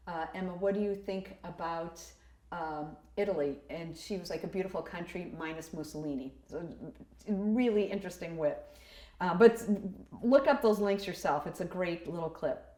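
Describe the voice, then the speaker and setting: A woman's voice: fairly low pitch, a little mellow, reverberant. A woman giving an informal history presentation, chatty with many ums and uhs.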